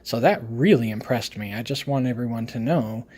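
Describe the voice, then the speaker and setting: A man's voice: medium pitch, moderate pace, darkish tone. A man giving a casual video review, talking emphatically in a lecturing way and checking in with "okay?" again and again. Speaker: product reviewer.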